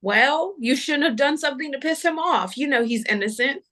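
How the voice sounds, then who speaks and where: A woman's voice: sits high, expressive, moderate pace, a bit bright. Bubbly Kentucky woman, raised voice. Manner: bubbly, uses y'all. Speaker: co-host of a live astrology stream. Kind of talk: casual live-stream chat.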